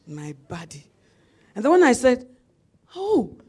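A woman's voice: sits high, big pitch swings, normal speed, a little mellow, breathy edge. A middle-aged woman preacher delivering a sermon, telling a personal story with laughter and calls of amen.

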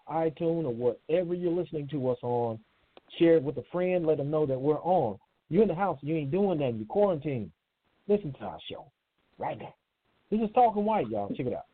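Casual talk show host, phone-line sound. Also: male voice, on the high side, fairly quick, dry recording. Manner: casual, addresses listeners as y'all. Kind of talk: live radio talk show.

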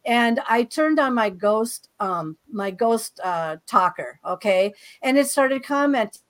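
A woman guest on a talk show, telling her own paranormal experiences in a casual, animated way and often repeating words. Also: on the high side, slow. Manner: animated, breezy storyteller who repeats words as she goes. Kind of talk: casual storytelling interview.

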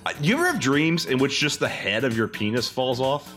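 A man co-hosting a comedy podcast in a bright, ringing voice. His pitch swings widely as he hams up mock-formal announcements and crude jokes. Faint music sits behind him. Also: sing-song, fairly quick. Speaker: podcast co-host.

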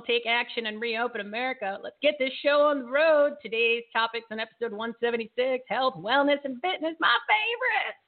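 A woman in her late forties hosting a live show, chatty and excitable, laughing often. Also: fairly high pitch. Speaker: host. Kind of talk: casual live show chat. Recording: tinny phone-like line.

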